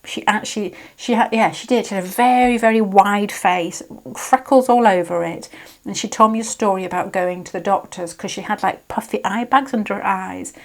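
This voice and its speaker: A woman's voice: medium pitch, moderate pace. Woman, British accent, mid-range voice, tarot reader, chatty and digressive, self-correcting. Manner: rambling and digressive, often restarting mid-sentence. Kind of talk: casual tarot reading to camera.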